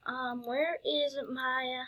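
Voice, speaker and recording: Female gamer commentator, high and bright voice, slow and rambling, gushy. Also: little pitch movement, muffled recording. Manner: giddy, gushing, lots of "um" and "oh my God". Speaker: gameplay video creator. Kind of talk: casual gameplay commentary.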